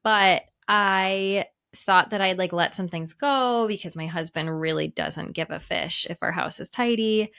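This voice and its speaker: A woman's voice: fairly low pitch, unhurried, vocal fry, few pauses, pushed and bright, clear, resonant tone. Candid woman podcast co-host telling stories. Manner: candid, storytelling with laughs between phrases. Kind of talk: casual chat.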